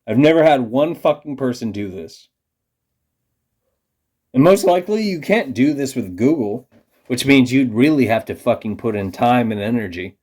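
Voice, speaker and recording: An angry man in a profane, condescending rant aimed at his audience. His mid-range voice drops to low muttering, then bursts out loud. He swears constantly and scolds his listeners. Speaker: vlogger. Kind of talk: ranting monologue to camera.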